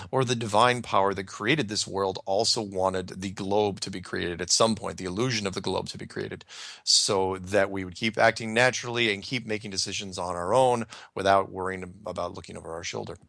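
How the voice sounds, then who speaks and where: A man hosting a casual talk show, quick and excitable, often repeating words. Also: on the low side, creaky, no room sound, studio quality. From United States. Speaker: radio show host. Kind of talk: casual radio chat.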